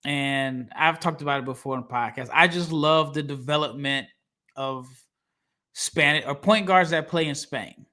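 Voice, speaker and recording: A man with a bright, slightly high voice talks through basketball prospects in casual podcast chat. He is animated and laughs easily, and he acts out what other people said. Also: measured pace. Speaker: podcast co-host, draft analyst. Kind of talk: casual sports podcast talk.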